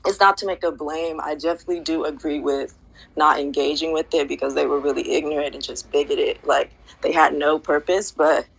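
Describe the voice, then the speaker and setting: A woman in an online audio space, giving earnest, measured commentary. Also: deep voice, steady tone, gravelly, breathy edge, low-quality recording. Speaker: Twitter Space speaker. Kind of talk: casual discussion.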